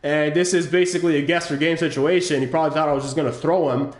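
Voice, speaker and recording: A man giving casual commentary over footage of his own fighting-game match, explaining his choices in a halting way with frequent restarts. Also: a little high, fairly even intonation, echoey room. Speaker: channel host analyzing his own match.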